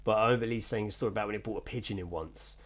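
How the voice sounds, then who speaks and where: A man's voice: fairly low pitch, rapid-fire. A man co-hosting a podcast, telling rambling, sweary anecdotes in casual chat. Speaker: podcast co-host.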